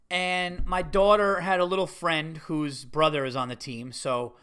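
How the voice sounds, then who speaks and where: A middle-aged man hosting a podcast, telling a story in a casual, animated and exasperated way, swearing freely. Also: fairly high pitch, normal speed, clear, resonant tone. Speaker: podcast host.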